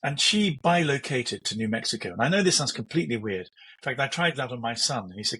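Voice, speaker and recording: A man's voice: mid-range voice, brisk, husky, rough recording. An older man co-hosting a talk show, telling a story with eager enthusiasm. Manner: enthusiastic, animated storytelling with restarts. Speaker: podcast co-host. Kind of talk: casual discussion.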